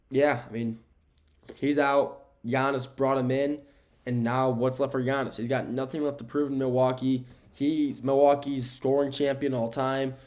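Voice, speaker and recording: Man, solo sports podcast host, mid pitch, casual and rambling, self-correcting, recorded indoors. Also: darkish tone. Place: indoor room with window blinds.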